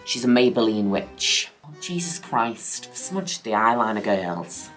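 A woman chatting casually through a makeup tutorial, camp and playful, often dropping a flat, low "people" at the end of her lines. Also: a little slow, soft background music. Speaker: makeup vlogger.

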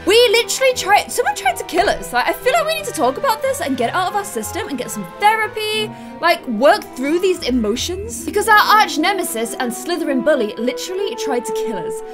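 A young Irish woman giving bubbly, chatty let's-play commentary as a gaming host. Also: high-pitched. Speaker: gaming YouTuber.

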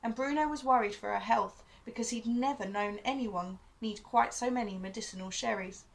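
A woman teacher reading a novel aloud to her pupils in a steady storytelling manner. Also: a little high, normal speed, vocal fry, poor audio.

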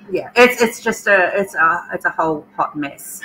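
Slow-talking, bright-voiced Australian woman. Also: mid-range voice, rough recording. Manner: chatty and emotional, greeting viewers by name. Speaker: livestream host. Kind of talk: casual chat with live viewers.

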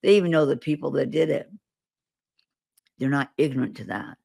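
A woman's voice: deep voice, moderate pace, gravelly, warm tone. A woman guest on an interview show, earnestly recounting visions and stories with vivid detail. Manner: earnest, vivid storytelling with acted quotes. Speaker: guest prophetic minister.

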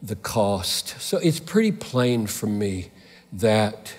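A man's voice: lowish voice, very animated, takes it slowly, a little mellow, slightly rough. Impassioned male preacher in a reverberant hall. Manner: impassioned, emphatic preaching with repeated rhetorical questions. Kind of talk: sermon.

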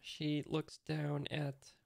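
A man's voice: fairly high pitch, monotone, very slow, creaky, dry recording, clean studio sound. A man casually reading a comic aloud, hesitantly describing each panel as he figures it out. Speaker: host reading a manga aloud. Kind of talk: casual read-along commentary.

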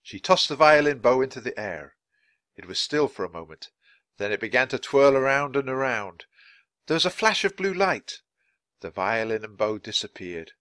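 A man reads a children's chapter book aloud at a natural pace for English learners. His reading is clear and expressive, with lively rises and falls. The recording is close and dry. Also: mid-range voice, no room sound. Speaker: storybook reader.

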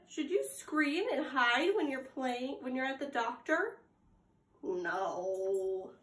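At circle time, a young adult woman reads aloud to preschoolers in a slow, sing-song way, prompting them with exaggerated gasps and questions. Her high-pitched voice has lively intonation and a fairly bright tone, and the room is echoey.

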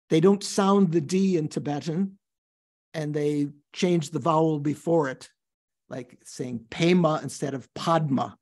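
An older man teaching a class on a Buddhist text, reading passages aloud and explaining them in a thoughtful, halting way, with questions to his students. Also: a little high, warm tone.

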